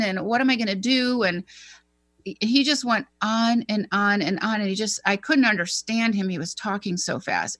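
A woman with a bright, ringing voice tells a personal story in an easy conversational way. She acts out the people she quotes as she goes. The sound is dry and close, with no room around it. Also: mid-range voice, dry recording. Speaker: co-host.

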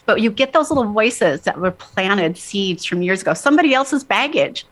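A woman's voice: mid-range voice, expressive, moderate pace. A woman co-hosting a talk show, speaking in an upbeat, motivational way in casual chat.

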